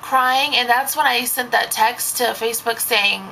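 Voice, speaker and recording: A woman's voice: a little high, fairly even intonation, moderate pace, creaky, bright, forceful tone, a little hiss or hum, poor audio. A young woman, a babysitter, telling a story in a casual vlog, rambling and saying "like" constantly. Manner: rambling, heavy use of "like".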